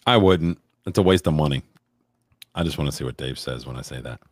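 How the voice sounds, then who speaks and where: Deep-voiced man rambling crude stories. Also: a little fast, no echo. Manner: rambling, crude joking storyteller. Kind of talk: casual chat.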